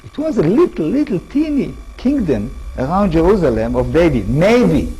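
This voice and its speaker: A man with an Israeli accent giving a lecture to an audience in halting English, often restarting words and checking in with his listeners. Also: a little high, very animated, dark tone, slightly rough, poor audio. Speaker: author giving a public talk.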